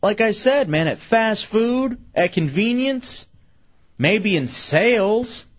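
A man's voice: sits high, takes it slowly. A man hosting a call-in radio show, talking in a casual, argumentative way and cutting callers off. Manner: animated, argumentative, cuts callers off. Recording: dull, lo-fi radio broadcast audio.

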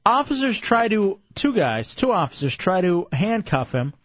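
High-voiced man telling stories on a podcast. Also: normal speed, no echo, muffled recording. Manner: animated storytelling, reads news bits with commentary. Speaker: podcast co-host. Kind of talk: casual chat.

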